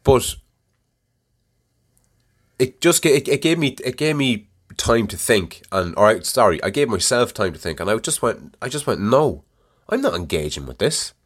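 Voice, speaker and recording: A middle-aged man hosting a podcast, telling a story in a casual, profane and animated way. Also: mid-range voice, normal speed. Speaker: podcast host. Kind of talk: casual monologue.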